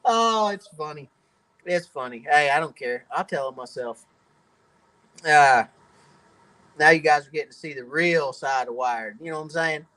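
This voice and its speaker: A man with a drawl chats through a live-stream Q&A in a relaxed, folksy way. His voice sits a bit high for a man, and he laughs easily between answers. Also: normal speed, long pauses, rough recording. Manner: folksy, chatty, laughs often. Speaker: host of a fishing channel. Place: home workshop.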